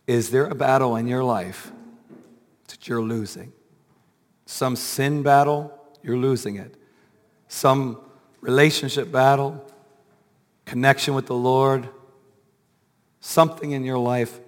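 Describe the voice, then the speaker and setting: A man's voice: mid-range voice, fairly even intonation, slow pace, pauses often, big-room sound. A male pastor with a weak, strained voice preaching a sermon in a church, asking earnest questions and building to emphatic peaks. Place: church sanctuary.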